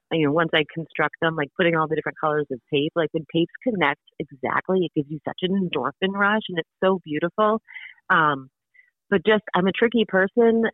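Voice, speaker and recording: A woman's voice: fairly low pitch, no echo. A woman guest in a podcast interview, bubbly and enthusiastic, talking in a chatty way with lots of fillers. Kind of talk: casual interview. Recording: tinny phone-like remote call line.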